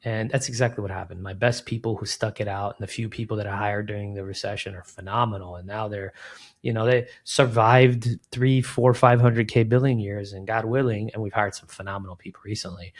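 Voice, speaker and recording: Brisk and fairly low-pitched, a middle-aged man chats casually in an interview about his recruiting firm, which he founded. He's an animated storyteller, performing quoted lines and using "man" and "like" constantly.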